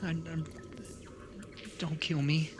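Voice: medium pitch, flat delivery, slight background noise, voice pushed up, lightly acted. Game master doing a stuttering scared young dragonborn. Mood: shaken. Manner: stammering, halting. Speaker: game master voicing a character.

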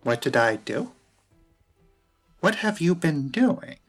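A man speaking as his character in a tabletop game, slow and coldly confronting. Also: fairly high pitch, big pitch swings, breathy edge, faint music behind.

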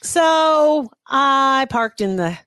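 A woman's voice: high-pitched, animated, drawn-out words, a bit bright, dry recording. A woman chatting casually and telling a story, wry and exasperated, laughing often between lines. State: recovering from knee surgery. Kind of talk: casual chat.

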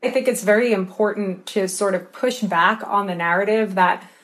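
A woman's voice: medium pitch, fairly even intonation, normal speed, fairly bright tone. A woman author speaking as a radio interview guest, earnest and impassioned.

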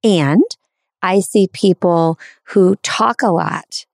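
A woman's voice: on the low side, takes it slowly, vocal fry, no room sound, clean studio sound. A woman hosting an interview, earnest and affirming as she speaks candidly. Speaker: podcast host. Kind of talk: interview conversation.

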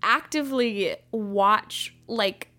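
A woman's voice: medium pitch, slow pace, bright, forceful tone. A woman co-hosting a comedy podcast, telling a story in a chatty way, full of "like" and laughs. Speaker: podcast co-host.

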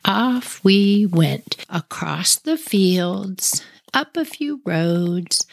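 A woman tells a story in a relaxed, chatty way, acting out lines and sound effects as she goes. Her mid-pitched voice has a gravelly edge, and the recording is close and dry. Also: extremely slow, no echo. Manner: animated, with sound effects and acted-out quotes. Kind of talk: casual spoken storytelling.

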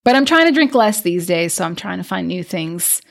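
A woman's voice: fairly low pitch, big pitch swings, moderate pace, gravelly. A woman hosting her podcast, talking in a chatty, effusive way with lots of filler words. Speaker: podcast host. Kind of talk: casual podcast chat.

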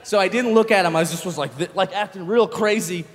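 A young man doing stand-up comedy, telling a story in an animated way, swearing freely and acting out shouts. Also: high-pitched, fairly quick, long reverb tail.

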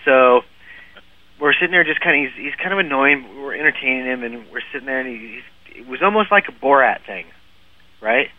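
Laughing frequently and starting his sentences over, this podcast guest tells a long, funny story in casual chat. His medium-pitched voice is expressive and brisk, with no room sound, in a dry, phone-like lo-fi recording.

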